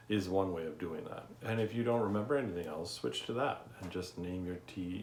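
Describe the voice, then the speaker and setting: A man's voice: sits low, echoey room, slight background noise. A male music teacher giving an online lesson, counting beats aloud patiently and checking in with "okay?".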